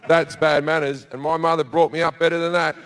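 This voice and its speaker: A man's voice: a little high, little pitch movement, brisk, noisy background. A middle-aged man doing stand-up comedy, telling a crude story bluntly with lots of swearing, on a club stage with a handheld mic. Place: comedy club stage before a live audience.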